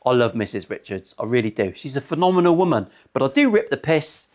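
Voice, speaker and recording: Fast and medium-pitched with big swings in tone, a man in his 40s banters while repairing a guitar in his workshop as a luthier. He wanders off into crude jokes, cursing often along the way.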